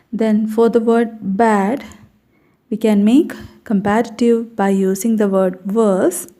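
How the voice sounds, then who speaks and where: A woman's voice: on the high side, warm tone. A woman teaching an English grammar lesson, patiently repeating example words and checking in with "okay" as she explains.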